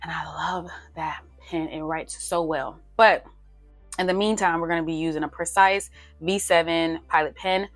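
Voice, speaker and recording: A woman's voice: low voice, steady tone, moderate pace, soft background music. A young woman chatting casually and playfully while she works through a household budget on paper, teasing herself as she reads numbers aloud. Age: young adult. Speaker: budgeting vlogger.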